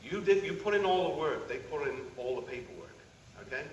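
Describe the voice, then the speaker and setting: Man, goalkeeper coach, heartfelt off-the-cuff ceremony speech, mid-pitch, echoey and distant. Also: animated, brisk. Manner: heartfelt, rambling, addresses her directly. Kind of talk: emotional unscripted speech. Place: school signing ceremony hall. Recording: echoey room, distant mic, audible noise.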